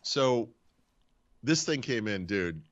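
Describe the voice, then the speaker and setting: A man's voice: mid-range voice, slow pace, highs cut off. A man hosting a podcast, casually telling a story and acting out the people in it. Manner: animated storyteller, acts out quoted dialogue. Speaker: podcast host.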